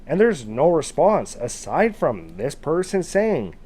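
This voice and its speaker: A man casually retelling a true scary encounter, loosely phrased with fillers, now and then shouting out quoted calls. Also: fairly high pitch, big pitch swings, slow pace, slightly rough. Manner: casual, conversational, with fillers like "kind of" and "like". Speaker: storyteller.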